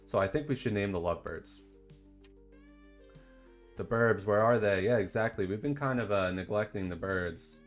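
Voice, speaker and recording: A man hosting a casual livestream in a laid-back, slangy way that turns excited at times. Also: on the low side, moderate pace, pauses often, soft background music. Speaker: streamer and dungeon designer.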